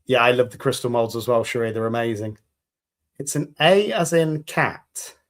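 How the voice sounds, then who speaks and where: A man's voice: medium pitch, lively intonation, normal speed, fairly bright tone. A man hosting a resin crafting livestream, chatting casually with viewers in an upbeat, jokey way. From United Kingdom. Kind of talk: casual livestream chat reading viewer comments.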